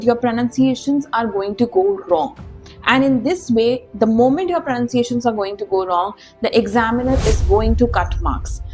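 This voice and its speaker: A woman teaches an online exam-prep lesson. Her voice sits a little high, and she speaks in an emphatic, instructive way, calling her viewers "guys." Soft music plays faintly underneath. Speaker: IELTS teacher.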